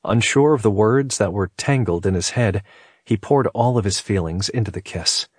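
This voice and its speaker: A man reading a romance novel aloud as narrator, calm and even. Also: fairly low pitch, moderate pace, breathy edge, no room sound, studio quality. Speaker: audiobook narrator.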